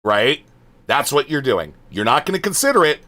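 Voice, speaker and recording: A man's voice: mid-range voice, very animated, normal speed, pushed and bright. A male streamer reading out his chat and answering it, exasperated and swearing, trailing off into muttered asides.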